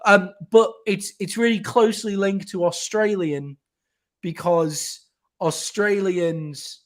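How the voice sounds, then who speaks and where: A man's voice: high-pitched, steady tone, slow. Chatty, foul-mouthed man. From England. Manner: chatty, swears freely, explains at length. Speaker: podcast co-host. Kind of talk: casual podcast chat.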